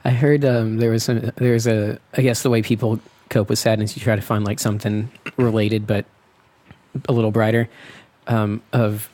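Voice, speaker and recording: A man in a casual podcast chat, telling a story in a halting, giggly way. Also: on the low side, little pitch movement, mellow.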